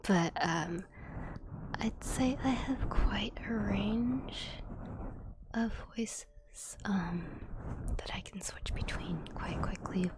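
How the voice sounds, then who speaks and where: A young woman streamer chatting with her viewers in a soft whisper, greeting them by name. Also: mid-range voice, slow, noisy background. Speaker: live streamer.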